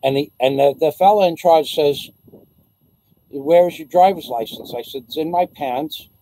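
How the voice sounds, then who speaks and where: A man tells a long personal story to the camera, loose and profane, stumbling over restarts as he plays out every line of dialogue. His voice sits a bit high for a man, yet the tone is warm and mellow. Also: low-quality recording. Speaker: vlogger. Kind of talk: casual storytelling.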